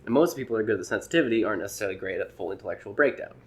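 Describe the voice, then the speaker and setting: A man's voice: on the low side, lively intonation, racing. A man in casual podcast chat, an amateur comedian who rambles and acts out voices when retelling jokes.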